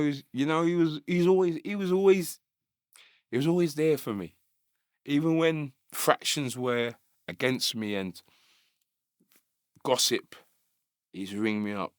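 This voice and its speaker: A man with a London accent, a guest on a podcast, speaking emotionally and haltingly, often restarting his sentences. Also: mid-range voice, clear, resonant tone, no room sound, clean studio sound. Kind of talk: casual chat.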